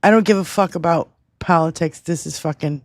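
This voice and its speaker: A woman's voice: fairly low pitch, a little fast, no echo, studio quality. A woman co-host ranting in a heated casual chat, furious and swearing heavily. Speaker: podcast co-host.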